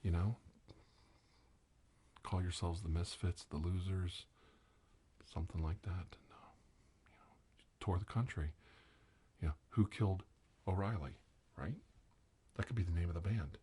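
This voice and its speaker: A man doing a whispered role-play as a comic ASMR host, teasing and mock-soothing, with soft talk and whispers. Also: low-pitched, measured pace, long pauses, breathy edge.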